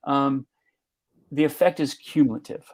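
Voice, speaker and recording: A man in his sixties, a retiring teacher, speaking as a guest in a halting, measured way with many restarts. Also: mid-range voice, fairly even intonation. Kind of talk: conversational interview.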